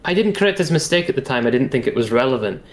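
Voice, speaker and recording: A man's voice: mid-range voice, expressive, racing. A man playing a tabletop game, speaking formally and courteously in character. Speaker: player. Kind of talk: in-character tabletop role-play.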